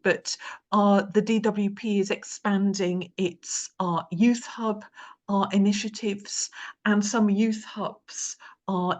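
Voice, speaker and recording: A woman chairing a panel discussion, speaking in a hesitant, halting way as she hands questions to the speakers. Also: medium pitch.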